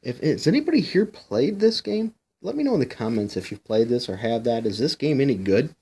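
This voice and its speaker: A man with a warm, husky, mid-range voice reviews a comic book casually, sounding very animated and talking a little fast. He rambles a bit, says "you know" often in a chatty way, and puts questions directly to his viewers.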